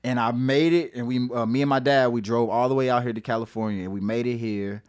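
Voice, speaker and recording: A man from St. Louis, a singer-songwriter guesting on a podcast, telling his story in a casual, animated way with lots of fillers, swearing and laughter. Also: mid-range voice, fast talker, smooth. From St. Louis, USA.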